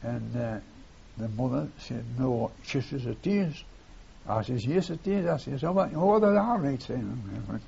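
An older man with a gravelly voice talks through his memories, circling back and tagging phrases with "see". The recording is a dull, lo-fi tape with a faint hiss. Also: medium pitch, animated, unhurried, dark tone. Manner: rambling, repeats phrases, tags lines with "see". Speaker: war veteran interviewee. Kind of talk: oral history reminiscence.

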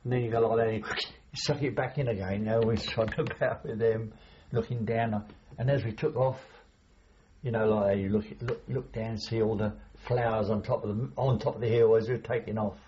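An older veteran, interviewed for an oral history, rambles hesitantly through his wartime memories and chuckles as they come back to him. His lowish voice holds a steady tone at a fairly quick pace, and the dull lo-fi recording carries slight background noise.

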